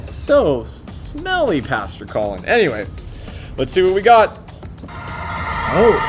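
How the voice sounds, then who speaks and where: Animated male kids' show host. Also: sits high. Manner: animated, playfully bewildered. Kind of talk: comic children's show hosting.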